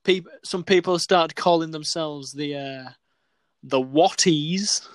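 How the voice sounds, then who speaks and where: A man co-hosting a comedy podcast. His voice sits a little high and he swears freely while teasing his co-host. The recording is dry and close. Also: slow, no echo. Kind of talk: casual comedy podcast banter.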